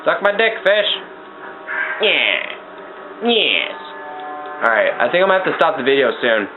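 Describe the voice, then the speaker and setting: A young man giving casual let's-play commentary, excitable and swearing as he talks to the game. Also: a little high, measured pace, over music. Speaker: gameplay commentator. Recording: tinny lo-fi mic with noise.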